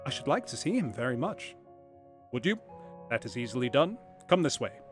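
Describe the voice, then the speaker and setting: A bluff, hearty police inspector, as a man reading aloud puts him on, loud and matter-of-fact, with a lively swing to his voice. Quiet music sits underneath. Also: medium pitch, moderate pace, lightly acted.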